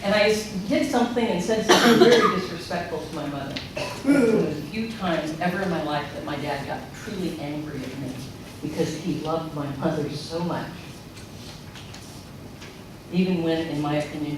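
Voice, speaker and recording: Speaking at a moderate pace in a mid-range voice, a middle-aged speaker at a spiritual center service tells stories in an animated sermon, acting out each remembered quote. Heard from well back in a very echoey sanctuary hall, the voice has steady noise beneath it.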